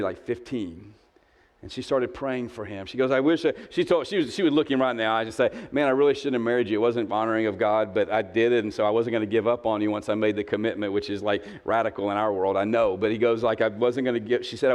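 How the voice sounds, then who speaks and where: A man's voice: on the low side, fairly even intonation, fast, darkish tone. A man in his fifties preaching a sermon, telling a story in a snarky, conversational way and acting out the voices of the people in it. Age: 50s. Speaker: pastor.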